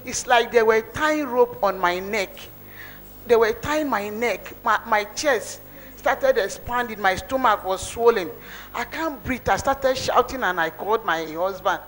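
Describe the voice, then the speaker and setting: A woman's voice: on the high side, a little slow, fairly bright tone, slight background noise, rough recording. A woman giving a spoken testimony in church, telling her story earnestly, with emotion and many repeats.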